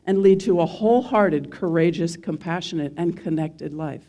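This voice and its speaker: A woman's voice: fairly low pitch, normal speed, hardly any pauses, dark tone. Wry, self-mocking middle-aged woman speaker. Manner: self-deprecating, wry humor with audience questions. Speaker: speaker at a mental health event. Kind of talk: personal talk to a live audience.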